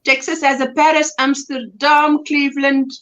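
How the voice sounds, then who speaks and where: A woman's voice: sits high, little pitch movement, normal speed, fairly bright tone, highs cut off. A woman from South Africa hosting a casual crochet livestream, chatty and laughing often. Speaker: livestream host.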